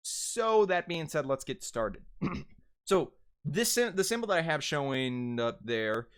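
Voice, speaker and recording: A man's voice: fairly high pitch, sing-song, measured pace, clean tone. A young American man teaching dialect vowels in a casual how-to lesson, chatty, with fillers and self-corrections, drawing out sounds to demonstrate. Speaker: dialect coach.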